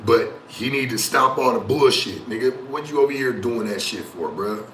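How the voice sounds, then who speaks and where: A streamer and talk show host delivers a casual, profane rant to his chat, mocking someone as he tells the story. His voice is medium in pitch, at normal speed with hardly any pauses. The room sounds echoey, with faint ambient noise.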